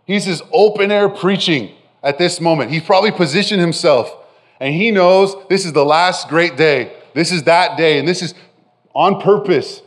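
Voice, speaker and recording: A man preaching a sermon, animated and direct with his listeners, often dropping from loud emphasis to soft, intimate phrases. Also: medium pitch, moderate pace. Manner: addresses listeners directly with frequent "right?". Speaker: pastor.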